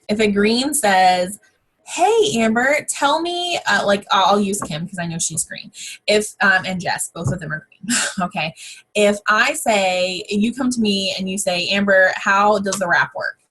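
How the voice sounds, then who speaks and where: A woman's voice: medium pitch, measured pace, a bit bright, breathy edge. A woman giving a casual, chatty sales training from her home office, full of fillers and exclamations. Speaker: network marketing team trainer.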